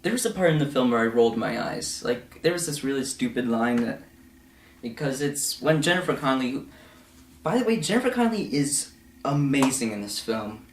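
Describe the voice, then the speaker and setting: A man's voice: medium pitch, sing-song. Young man rambling through a film review, echoey room. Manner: rambling, full of fillers and asides, slips into quick mocking voices. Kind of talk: casual film review vlog.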